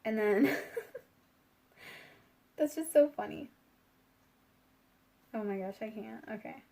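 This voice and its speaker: A woman's voice: on the high side, slow, creaky, dark tone. A young woman giving a casual, rambling spiritual tarot reading, chatty with lots of fillers and giggles. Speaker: tarot reader.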